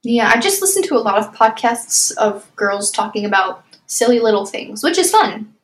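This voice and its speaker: A woman's voice: on the high side, very animated, moderate pace. A woman in her twenties co-hosting a podcast, easygoing and giggly as she chats and ad-libs the sign-off. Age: 20s. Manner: easygoing and giggly, reads the outro loosely from memory. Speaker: podcast co-host. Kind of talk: casual chat.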